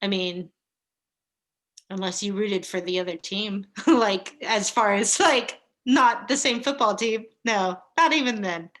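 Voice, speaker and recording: Woman in her thirties, unhurried and earnest, bright voice, gentle heartfelt conversation. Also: medium pitch. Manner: slow, reflective, with soft laughs and pauses. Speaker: guest. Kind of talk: casual heartfelt chat.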